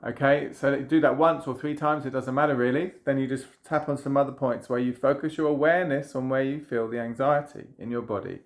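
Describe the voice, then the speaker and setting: Guy with a gravelly voice walking you thru tapping, soft repeated phrases, mid pitch. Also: steady tone, brisk, few pauses. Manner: gentle, repetitive guided phrases. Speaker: trauma healing practitioner. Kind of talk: guided tapping demonstration.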